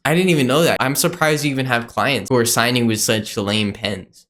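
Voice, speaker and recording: A man's voice: mid-range voice, a little fast, few pauses, fairly bright tone. A young man hosting a casual reaction video, laid-back and joking, with lots of fillers. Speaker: host.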